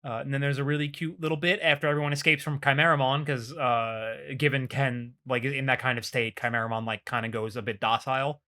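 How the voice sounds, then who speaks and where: Bright-voiced man in casual podcast chat. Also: medium pitch, brisk, few pauses. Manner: excited retelling, frequent swearing and "like" fillers. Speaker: podcast co-host.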